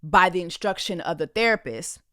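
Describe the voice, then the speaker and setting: A woman's voice: fairly low pitch, expressive, normal speed, fairly bright tone, dry recording, studio quality. A woman podcast host giving blunt, indignant reaction commentary on a reality show clip in a casual, conversational way.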